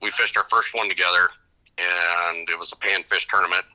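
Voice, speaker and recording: Guesting on an interview show, this middle-aged upper Midwest fishing guide rambles through his tales, repeatedly stopping and starting over. His lowish voice carries a sharp, very bright edge, delivered in a steady tone at a moderate pace over poor audio.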